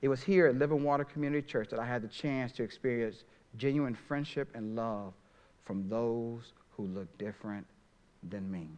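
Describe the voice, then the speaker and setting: A middle-aged man preaching a sermon as pastor, swinging from soft, drawn-out phrases to loud, emphatic ones. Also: mid-range voice.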